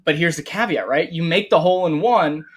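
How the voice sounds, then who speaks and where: Co-hosting a golf podcast, this man spins stories in easygoing chat, animated and swearing freely. His voice is fairly high with a breathy edge, at a moderate pace.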